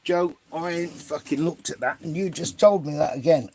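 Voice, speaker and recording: A man's voice: a little high, moderate pace, a little mellow, a little hiss or hum. A man hosting a live stream in casual chat, greeting viewers by name and swearing freely.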